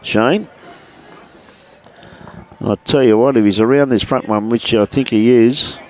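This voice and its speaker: A man's voice: mid-range voice, unhurried, a little mellow. A man doing live commentary on a lawn bowls match, chatty and friendly with viewers, dropping "mate" into most lines. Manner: chatty, greets viewers by name, says "mate" often. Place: outdoors at a bowls club.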